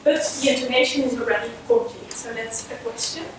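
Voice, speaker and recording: Woman presenter, high voice, halting delivery with fillers; distant mic with noticeable room noise. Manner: hesitant, with frequent fillers and apologetic asides. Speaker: conference presenter. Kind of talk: academic presentation. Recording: echoey hall from far off with noise.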